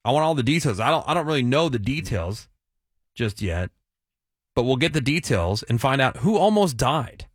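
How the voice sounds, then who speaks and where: Lively man hosting radio banter. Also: medium pitch, normal speed, breathy edge, dry recording, studio quality. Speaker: radio show host. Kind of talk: casual morning radio banter.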